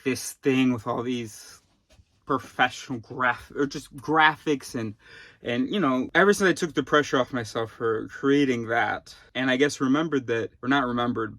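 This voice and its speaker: A man's voice: medium pitch, fairly bright tone, dry recording. A man thinking aloud in a rambling personal vlog, often restarting his sentences and wandering into asides. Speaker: vlogger.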